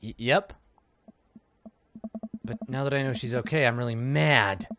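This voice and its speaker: A man reading a dating-sim game aloud for laughs, animated and jokey, swinging between loud outbursts and mumbled asides. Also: medium pitch, moderate pace, pauses often. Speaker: let's-play gamer. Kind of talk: comedic game read-through.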